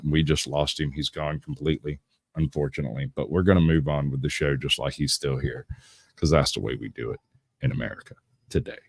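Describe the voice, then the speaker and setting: A man's voice: extremely low pitch, darkish tone, no room sound. A man hosting a casual live stream, rambling and laughing often as he talks. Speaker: host.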